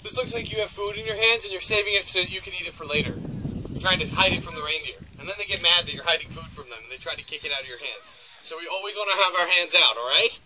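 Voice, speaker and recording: A man's voice: sits high, fast talker, low-quality recording. A man leading a reindeer farm tour outdoors, giving joking, teasing instructions and laughing often. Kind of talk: joking instructional talk to visitors. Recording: outdoor tour with crowd audible. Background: group of visitors.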